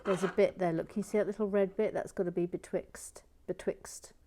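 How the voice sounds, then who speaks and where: A woman hosting a relaxed real-time LEGO build, murmuring to herself, often slipping into a whisper, and reading out viewer comments. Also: lowish voice, a little fast, slight background noise.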